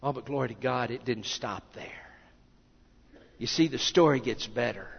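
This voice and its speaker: A man preaching a sermon, swinging from loud declaring to hushed near-whispers. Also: medium pitch, normal speed, vocal fry, breathy edge, in a large hall, highs cut off.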